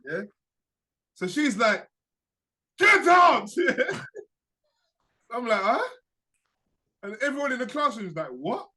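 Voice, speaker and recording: Young man, podcast co-host, slangy storyteller, bright voice. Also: extremely high pitch, unhurried, long pauses. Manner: animated, acts out quoted voices, slangy. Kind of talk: casual storytelling chat.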